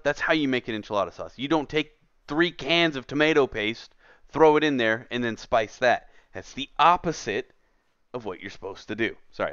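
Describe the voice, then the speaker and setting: A man's voice: mid-range voice, a bit bright, clear, resonant tone, no echo. A man streaming a game who rants in an exasperated, emphatic casual way from his computer, on a dull lo-fi recording. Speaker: gaming streamer. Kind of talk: casual ranting commentary while gaming. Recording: dull lo-fi dry sound.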